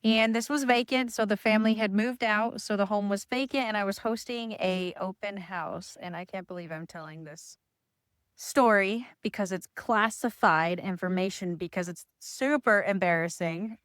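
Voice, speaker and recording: A woman, a real estate agent, telling an embarrassing story in a casual, animated, self-deprecating way. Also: medium pitch, normal speed, clean tone, no echo, studio quality.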